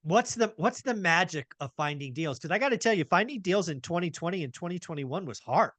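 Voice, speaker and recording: A man hosts a casual interview and tells his stories with energy. He acts out his own reactions along the way. His voice is bright and forceful, a little higher than most men's, and it sounds dry and close to the mic. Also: animated, a little fast, no echo. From California. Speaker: podcast host.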